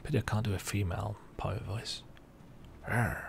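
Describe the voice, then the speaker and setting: Low gravelly game streamer, dry offhand remarks. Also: male voice, little pitch movement, fast talker, noisy background. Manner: dry offhand remarks between read-out lines. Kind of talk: casual game commentary.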